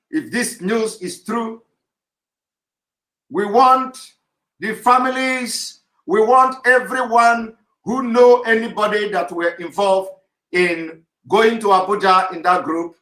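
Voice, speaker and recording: A man giving a live online address to his followers, insistent and repetitive, in the manner of forceful oratory. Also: high voice. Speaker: activist leader giving a live broadcast. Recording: roomy echo.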